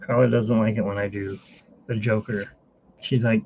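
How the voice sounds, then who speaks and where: A man with a gravelly, husky voice chats casually while he draws on a live stream. He rambles and cuts himself off mid-thought. The audio is muffled and lo-fi. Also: on the low side, little pitch movement, moderate pace. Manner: rambling, self-interrupting. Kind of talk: casual chat while drawing.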